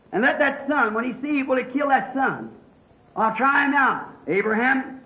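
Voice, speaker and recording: Male revival preacher, very high voice, fiery, dull lo-fi tape. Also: expressive, moderate pace. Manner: swings from hushed to shouting, fervent. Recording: echoey, muffled old sermon recording.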